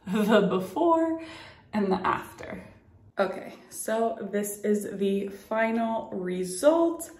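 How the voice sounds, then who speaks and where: A young woman talks slowly through her makeup routine, a little out of breath and leaning on fillers as she shows each step. Her voice sits in a middling pitch and bounces around an echoey room at home. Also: creaky. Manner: chatty, filler-heavy, demonstrating as she goes. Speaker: beauty vlogger. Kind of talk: casual makeup tutorial. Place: at home by a mirror.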